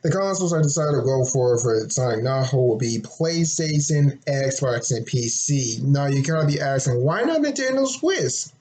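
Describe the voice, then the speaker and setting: Young male fan, casual rambling monologue, slightly hoarse, mid-pitched. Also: mellow, slight background noise, poor audio. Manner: rambling, with many restarts and throat clearing. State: a little hoarse, throat getting sore. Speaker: fan presenting his game concept.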